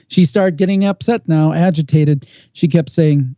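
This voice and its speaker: A man telling an eerie first-hand report on a podcast, slowing down for dramatic effect. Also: on the high side, dark tone, no room sound. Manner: measured storyteller with slow dramatic pauses. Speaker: paranormal podcast guest host. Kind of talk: storytelling on a podcast. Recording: dull lo-fi sound, dry.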